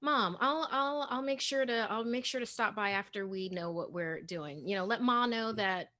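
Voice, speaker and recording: A woman voicing a young female survivor in a tabletop game, talking in halting, stammering bursts. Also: on the high side, sharp tone. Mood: earnest. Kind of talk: in-character role-play.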